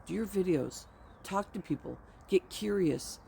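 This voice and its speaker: A woman's voice: on the low side, animated, measured pace, vocal fry, dark tone, a little hiss or hum. A woman coach giving an earnest, affirming motivational vlog talk from her ranch home, rambling and repeating phrases. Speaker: health and communication coach.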